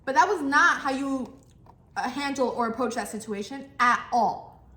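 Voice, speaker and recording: Bright-voiced young woman, chatty and animated. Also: high-pitched, normal speed. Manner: animated, talks while chewing, acts out the customer exchange. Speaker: vlogger. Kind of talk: casual storytime while eating. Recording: echoey room, faint background noise.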